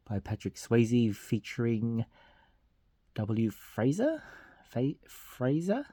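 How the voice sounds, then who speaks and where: Slow, mellow-voiced man counting down songs. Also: medium pitch, sing-song, husky, dry recording, studio quality. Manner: half-sings song titles, laughs at own lyric slips. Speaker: vlogger counting down a song chart. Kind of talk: casual countdown with hummed song snippets.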